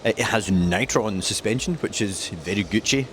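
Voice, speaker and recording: A man's voice: lowish voice, moderate pace, a bit bright, a little hiss or hum. A man presenting cars at a dealership in casual, jokey chat, rattling off specs with enthusiasm. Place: car dealership.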